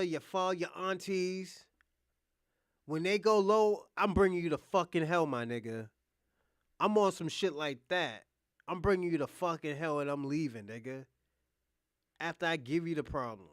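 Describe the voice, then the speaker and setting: A young man rants heatedly on his livestream, profane and combative, jumping from loud bursts to low mutters. His voice sits high for a man. The sound is dry and close. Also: clean tone, no room sound. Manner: swings between loud outbursts and muttered asides. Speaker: podcast host.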